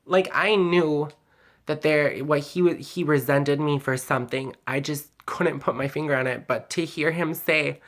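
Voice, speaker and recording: A woman's voice: sits low, flat delivery, moderate pace, fairly bright tone. A woman talking straight to camera in a personal vlog, heated and venting, sometimes close to tears. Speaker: vlogger.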